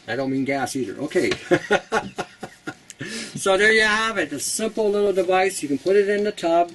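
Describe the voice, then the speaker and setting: A man's voice: sits high, animated, normal speed, a bit bright, a little hiss or hum, rough recording. A man hosting a casual how-to talk, chatty and blunt, laughing at his own jokes. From Canada. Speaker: host.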